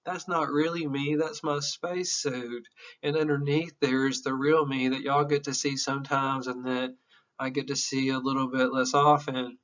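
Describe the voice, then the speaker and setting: A man's voice: mid-range voice, little pitch movement, moderate pace, a bit bright, lo-fi sound. A man in his fifties teaching psychology in an informal, candid and emotional classroom lecture, with some profanity. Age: 50s.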